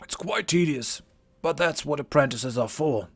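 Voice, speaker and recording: A man voicing an eccentric old male druid hermit with a strained, reedy old voice, rambling slowly and condescendingly. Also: on the high side, creaky, breathy edge.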